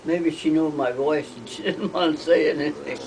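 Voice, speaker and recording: An older woman telling rambling family stories, halting with frequent restarts. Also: low voice, steady tone, vocal fry, a crowd in the background, rough recording. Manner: hesitant, halting, with many restarts. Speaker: interviewee.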